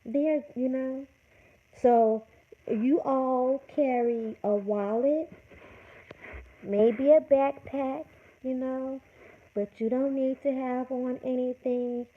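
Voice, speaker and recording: A woman hosting a livestream scolds her chat in an emphatic, repetitive rant. Her voice is high and fairly even in intonation, she speaks slowly, and the audio sounds tinny, like a phone.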